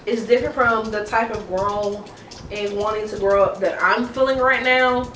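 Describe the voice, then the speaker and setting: A woman's voice: medium pitch, fairly even intonation, moderate pace, a bit bright, slight background noise. A young woman chatting emotionally during a get-ready-with-me video, confiding and repeating herself while holding back tears. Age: young adult. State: tearful. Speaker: beauty vlogger. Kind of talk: casual get-ready-with-me chat. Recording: echoey room, mic a bit far.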